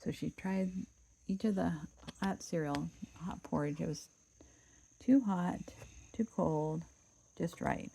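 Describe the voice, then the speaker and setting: A woman casually reading a children's storybook aloud, relaxed and chatty, dropping in asides and cutting the story short. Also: sits low, unhurried, gravelly, a little hiss or hum, poor audio.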